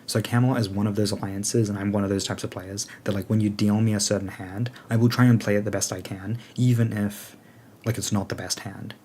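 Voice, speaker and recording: A man with a lowish voice talks through his plans in a loose, rambling way, pausing on "um" and "like" while he works out his answers. He speaks as a game alliance leader in relaxed, unscripted chat. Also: slight background noise. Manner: rambling, thinks aloud with many fillers. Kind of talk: casual chat answering questions.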